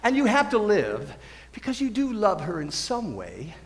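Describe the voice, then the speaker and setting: A man's voice: sits high, wildly swooping pitch, moderate pace, heavily acted. A teenage actor playing a lonely, wistful man who confides in the audience in a rambling, self-interrupting way, in a school stage musical. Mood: confiding. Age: teens. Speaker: Man in Chair, narrator. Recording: stage mic in a reverberant auditorium.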